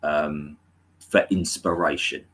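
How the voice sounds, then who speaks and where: A man's voice: very deep voice, fairly even intonation, slow pace, fairly bright tone, breathy edge. A man co-hosting a casual film discussion, talking enthusiastically and restarting his sentences. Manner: enthusiastic, chatty, trails off and restarts. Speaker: podcast co-host.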